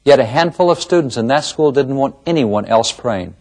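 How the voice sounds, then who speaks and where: A man's voice: mid-range voice, expressive, moderate pace, darkish tone. A man presenting a history lecture series in an emphatic, rhetorical manner with pointed questions. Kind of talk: documentary lecture.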